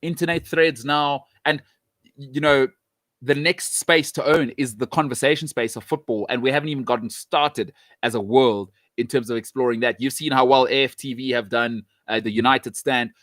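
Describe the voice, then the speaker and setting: A man hosting a show, giving an emphatic, opinionated monologue with rhetorical questions, frequent restarts and sudden rises in pitch when he makes a point. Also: steady tone, moderate pace, fairly bright tone, no room sound.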